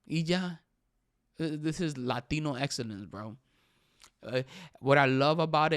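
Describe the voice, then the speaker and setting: A young man hosting a casual talk show, excitedly giving his opinions, switching between English and Spanish and saying "bro" all the time. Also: on the high side, measured pace, pauses often. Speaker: podcast host.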